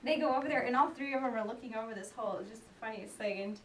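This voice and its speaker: A woman's voice: a little high, rapid-fire. Young woman telling a story in a roomy space. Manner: chatty and animated, acting out quoted voices. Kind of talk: personal story told aloud. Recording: roomy, distant mic, faint background noise.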